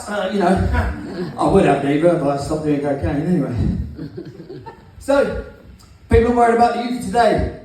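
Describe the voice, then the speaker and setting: A brash man with a high voice works through a stand-up set, punchy and quick to mimic. He stands far from the mic, and a strongly echoing club swallows part of his voice. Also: darkish tone. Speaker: stand-up comedian. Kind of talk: stand-up routine. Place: comedy club.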